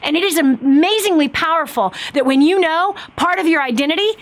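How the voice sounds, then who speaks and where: A woman's voice: high-pitched, expressive, a little fast. A woman hosting a faith talk show, effusive and emotional, speaking with emphatic feeling.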